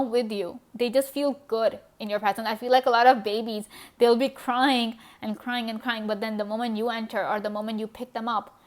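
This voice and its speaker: A woman giving a pick-a-card tarot reading in a chatty, gushing way, with many fillers and small laughs. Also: a little high. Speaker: tarot reader.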